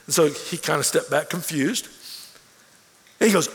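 A man in his forties preaching a sermon as pastor, telling stories earnestly and swinging from hushed, quiet lines to emphatic ones. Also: fairly high pitch, moderate pace, pauses often. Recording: long reverb of a large hall.

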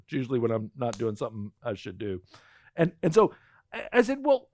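A man's voice: mid-range voice, quick pace, no echo, clean studio sound. A middle-aged male pastor telling a personal story in a sermon, acting out the lines of the people in it. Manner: animated storytelling, acts out quotes.

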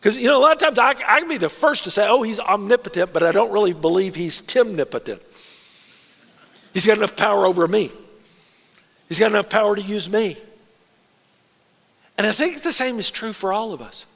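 A man preaching a sermon as a pastor, conversational and animated, acting out quoted asides. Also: high-pitched, brisk, long pauses. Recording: long hall reverb.

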